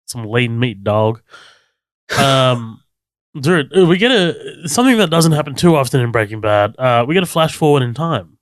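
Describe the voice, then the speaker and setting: A man's voice: mid-range voice, animated, normal speed, dry recording, studio quality. A man co-hosting a podcast, casually recapping a TV episode, laid-back, swearing freely and laughing often. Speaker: podcast co-host.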